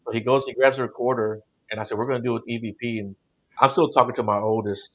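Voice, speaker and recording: A man's voice: medium pitch, fairly even intonation, quick pace, highs cut off. Middle-aged man rambling through ghost stories. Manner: rambling, lots of "you know" and "like". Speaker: guest telling paranormal experiences. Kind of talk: casual storytelling on a call-in show.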